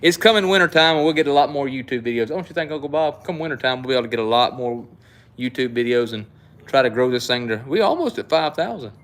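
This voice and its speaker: A middle-aged man with a drawl talks folksy and rambling, like he's hosting a live sale for viewers he knows. His voice sits at an ordinary, middling pitch, and the talk stays easygoing. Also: animated, quick pace, fairly bright tone. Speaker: knife shop host. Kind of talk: casual live-stream sales chat.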